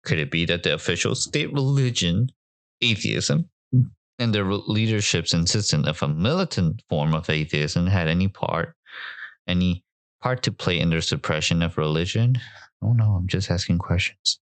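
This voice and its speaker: Male podcast host with a low register and a dry, close sound, riffing sarcastically while reacting to clips. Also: lively intonation, normal speed, dry recording. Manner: sarcastic, joking asides. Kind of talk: casual commentary reacting to clips.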